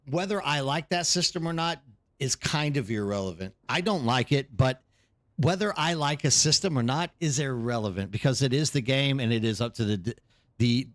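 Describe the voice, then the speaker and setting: A man hosting a live game stream, chatting casually and rambling while greeting viewers by name. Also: mid-range voice. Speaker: streamer host.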